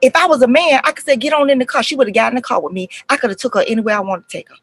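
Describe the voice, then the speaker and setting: A middle-aged woman, a counselor telling stories to parents in a lively, conversational way and acting out the voices. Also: a little high, very fast, soft background music, rough recording. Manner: animated retelling, acts out voices, addresses viewers as y'all. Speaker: counselor and life coach speaking to parents. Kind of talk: casual talk to camera, storytelling.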